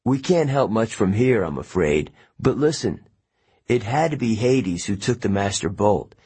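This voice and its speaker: A man's voice: lowish voice, expressive, a little slow, dark tone, breathy edge, full character voice. A man voicing a friendly but worried teenage boy camp counselor, speaking earnestly under tension.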